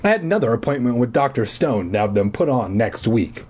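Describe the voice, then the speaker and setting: A man reading a children's book aloud for comedy, dropping deadpan crude asides. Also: medium pitch, fairly quick, slightly rough. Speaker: reader.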